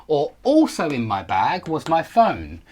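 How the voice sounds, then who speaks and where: A man's voice: a little high, wildly swooping pitch, unhurried, darkish tone. A man teaches English grammar in a live online lesson. His voice rises and falls a lot, and he speaks in short explaining bursts. He reads example sentences aloud and stops often on fillers and self-corrections.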